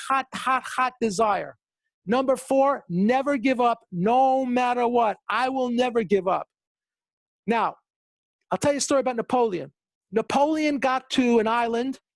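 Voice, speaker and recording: Animated, emphatic motivational speaker man. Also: no room sound. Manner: animated storytelling, acting out quotes with big pitch jumps; repeats words for emphasis. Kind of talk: motivational webinar talk.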